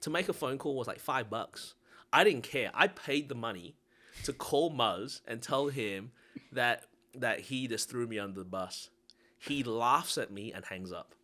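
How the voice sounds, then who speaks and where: A man's voice: medium pitch, a little slow. A man with an Australian accent, chatting casually as a podcast co-host and telling stories with animation. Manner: animated storyteller, laughs through his stories.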